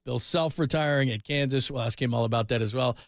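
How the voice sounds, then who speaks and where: A man's voice: medium pitch, fast talker, no room sound, studio quality. A man hosting a sports radio show, chatty and easygoing as he banters and runs down the show. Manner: easygoing, chatty, laughs things off. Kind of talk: casual studio banter and show rundown. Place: radio studio. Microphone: studio microphone.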